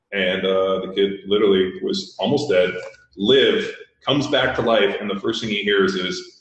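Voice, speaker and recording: A man's voice: on the low side, fairly even intonation, normal speed, fairly bright tone, muffled recording. A man telling a story in casual chat, blunt and heavy with profanity. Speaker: podcast host. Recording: very echoey room.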